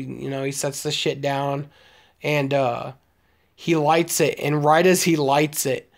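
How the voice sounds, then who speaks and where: A man in his late twenties telling crude, rambling stories while chatting casually with stream viewers. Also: a little high. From Omaha, Nebraska, United States. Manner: rambling, profane storytelling with frequent fillers and laughs. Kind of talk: casual live-stream chat.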